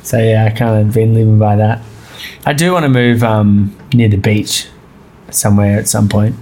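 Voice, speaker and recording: A man's voice: on the low side, fairly even intonation, moderate pace, dark tone, slight background noise. Rambling, laughing Australian man. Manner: rambling, laughs often, swears freely. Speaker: podcast guest. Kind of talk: casual interview chat.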